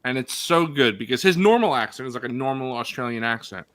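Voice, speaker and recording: Lively male guest, bright tone, dry close sound. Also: mid-range voice, brisk, dry recording. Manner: laughs a lot, rambling stories. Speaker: podcast guest. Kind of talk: casual group chat.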